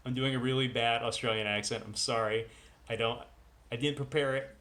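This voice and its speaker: A man's voice: mid-range voice, fairly even intonation, fairly quick, fairly bright tone, slight background noise. A man vlogging at home in casual chat, rambling and full of self-deprecating asides. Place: at home with dogs.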